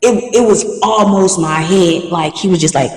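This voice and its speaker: A young woman tells a story with animated, slangy energy, like a podcast host catching up with her listeners. Her voice comes from a little way off the mic. It rings around a roomy space with a long tail of reverb. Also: lowish voice, normal speed. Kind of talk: casual storytelling. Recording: echoey room, mic at a distance.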